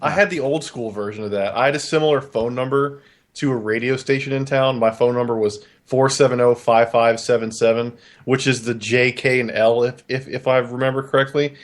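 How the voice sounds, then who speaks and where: A man co-hosting a podcast, telling a casual story with lively energy. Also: medium pitch, a little fast. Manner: animated storyteller acting out voices. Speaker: podcast co-host.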